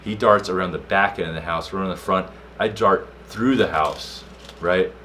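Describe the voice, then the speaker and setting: A young man co-hosting a casual podcast, telling a story with slang and loud acted-out quotes. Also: sits low, moderate pace, a little hiss or hum. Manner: animated storyteller, slangy, acts out quotes loudly. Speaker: podcast co-host.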